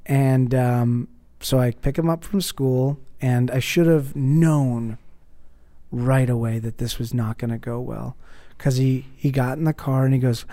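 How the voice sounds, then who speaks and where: A man tells a comic story to his podcast co-hosts in a warm, mellow voice. He gets animated, swears freely and acts out what everyone said. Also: mid-range voice, measured pace.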